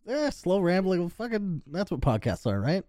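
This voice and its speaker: A woman's voice: lowish voice, sing-song, moderate pace, mellow, no echo. A woman co-hosting a podcast in casual chat, with dry, sarcastic and profane humor. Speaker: podcast co-host.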